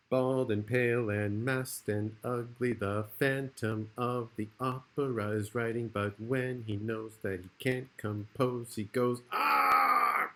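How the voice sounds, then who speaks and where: A male kindergarten teacher reading a rhyming storybook aloud in a playful, rhythmic way. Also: medium pitch.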